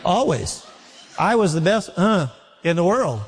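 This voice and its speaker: A man's voice: high voice, very animated, moderate pace, husky. A man preaching a sermon as pastor, telling homely stories and repeating phrases for emphasis. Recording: long reverb of a large hall.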